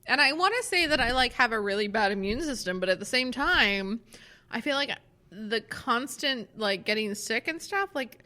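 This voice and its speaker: Young woman chatting on a podcast, kinda high, bright voice, says "like" a ton. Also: lively intonation, normal speed. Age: young adult. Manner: chatty, lots of "like" fillers. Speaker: podcast co-host. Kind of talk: casual chat.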